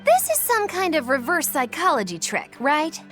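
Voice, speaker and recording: A woman's voice: high voice, huge pitch swings, moderate pace, a bit bright, soft background music, full character voice. A woman voicing a playful, scheming young witch in a video game. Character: eccentric, mischievous young witch.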